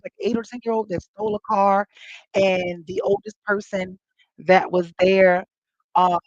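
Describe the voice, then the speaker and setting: Woman host, casual chat, animated storyteller who acts out quotes; dry, slightly dull lo-fi mic. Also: no echo. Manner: animated storytelling, acting out quotes with big pitch jumps. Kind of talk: casual chat to a live audience.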